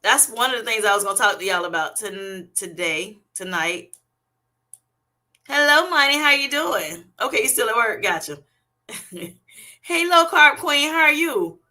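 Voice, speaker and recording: A woman's voice: on the high side, animated, normal speed, pauses often, bright, forceful tone. A woman hosting a livestream from her phone at work, reading out viewers' comments, laughing often and teasing them playfully. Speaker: livestream host.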